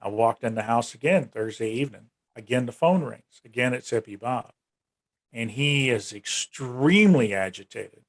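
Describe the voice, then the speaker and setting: A man's voice: animated, normal speed. A man guest on a podcast interview, telling a long personal story in a casual way and lifting his voice to act out what others said. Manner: retells events in long runs, raising his pitch to act out quoted speech. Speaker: UFO research organization director, guest.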